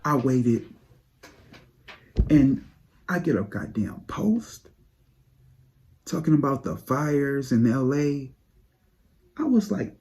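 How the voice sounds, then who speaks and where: A man giving sassy, profane gossip commentary to his viewers, dropping to low mutters and jumping up to high exclaims. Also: big pitch swings, takes it slowly, long pauses, darkish tone. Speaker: psychic tarot channel host.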